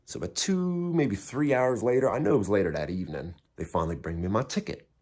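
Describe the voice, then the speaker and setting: Deep husky man telling a blunt story. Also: animated, quick pace, darkish tone. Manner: blunt, heavily profane, self-mocking. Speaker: vlogger recounting prison time. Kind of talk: casual storytelling.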